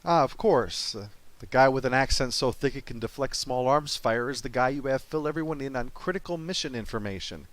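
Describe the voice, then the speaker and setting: A man's voice: mid-range voice, a little fast, no room sound. Sarcastic wisecracking male game reviewer. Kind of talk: comedic review narration.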